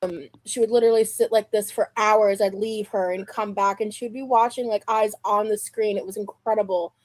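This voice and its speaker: A woman's voice: medium pitch, fairly even intonation, a little fast, darkish tone. A young adult woman streaming live, chatting casually and rambling with restarts and fillers.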